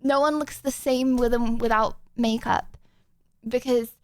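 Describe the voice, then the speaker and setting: A young woman with a high, bright voice chats to her stream in a giggly, rambling way, full of ums and restarts. The sound is dry and close, from a desk microphone. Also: steady tone, a little slow, no echo. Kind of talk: casual live-stream chat.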